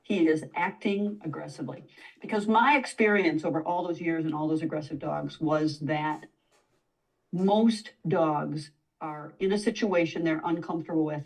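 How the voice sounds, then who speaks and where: A woman's voice: deep voice, distant mic, low-quality recording. A woman dog trainer, a guest in a conversational interview, explaining at length and now and then acting out what a dog might say. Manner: explanatory, acts out dog voices in quotes.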